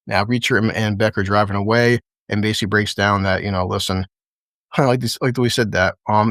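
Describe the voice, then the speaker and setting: A man with a fairly low voice chats loosely through a TV episode recap, swearing freely and laughing between lines. He rambles and quickly acts out bits of dialogue. The sound is dry and close to the mic. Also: steady tone, a bit bright, dry recording. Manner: rambling, laughs often, paraphrases scenes in quick acted snippets. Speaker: podcast co-host recapping a TV episode. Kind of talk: casual chat with crude humor.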